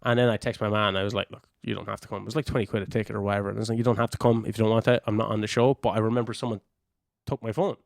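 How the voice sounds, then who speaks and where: Young Irish wrestler, podcast guest, loose and profane anecdotes, dry close mic. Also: male voice, on the low side, racing, vocal fry, dry recording. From Ireland. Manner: swears freely, animated anecdotes. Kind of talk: casual storytelling.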